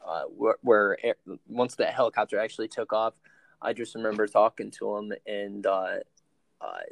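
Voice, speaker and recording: A young man in his twenties telling the story of his accident in an interview, halting and full of fillers and restarts. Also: lowish voice, fairly even intonation, gravelly. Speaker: interview guest.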